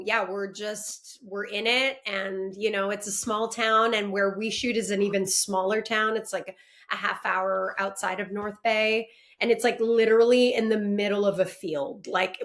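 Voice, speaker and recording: A woman from Canada chatting casually in an interview, talking quickly with lots of "like" and frequent laughter. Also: mid-range voice, fairly bright tone. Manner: chatty, many likes, laughs often. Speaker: actress guest.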